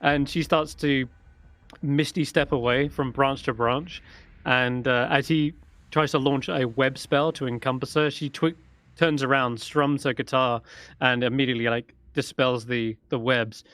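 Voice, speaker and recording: Casual dungeon master narrating. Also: male voice, mid-range voice, unhurried, no room sound. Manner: relaxed, rambling narration with fillers. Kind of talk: narrating a tabletop game.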